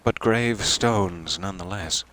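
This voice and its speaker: With a deep, pushed and bright voice at a measured pace, this man streams a let's play over soft background music. He jokes at his own expense and talks dramatically to the game's characters in a playful, casual way.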